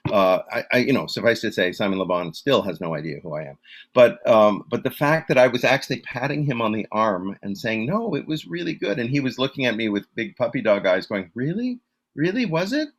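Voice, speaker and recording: A man's voice: on the low side, fairly quick. A man being interviewed as a musician, telling stories in a casual, rambling way with many fillers, restarts and self-deprecating asides.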